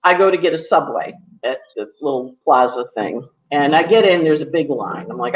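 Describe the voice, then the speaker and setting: A woman astrologer tells a story in a casual, quick way and acts out the voices of the people in it. Her voice comes over a dull phone line. The room around her is echoey. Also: deep voice, sing-song. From New York. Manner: talks fast when nervous, acts out quotes. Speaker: astrologer guest. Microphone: phone on a call.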